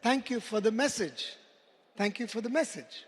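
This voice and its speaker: A man's voice: high-pitched, lively intonation, moderate pace, husky. Man voicing a clever caged parrot. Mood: knowing. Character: wise caged female pet parrot. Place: large conference hall. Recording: long hall reverb.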